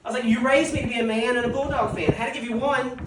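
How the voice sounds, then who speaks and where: A woman's voice: on the high side, fairly even intonation, very fast, noisy background. Woman, stand-up comedian, self-mocking, laughs at own jokes, echoey club, distant mic. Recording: echoey club recorded from afar.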